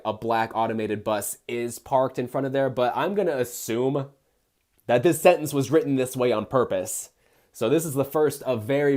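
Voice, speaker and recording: A man's voice: medium pitch, a little mellow. A young man hosting a live stream, reading a badly written book aloud and mocking its prose with exasperated, sarcastic asides. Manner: sarcastic, exasperated, frequent fillers and restarts.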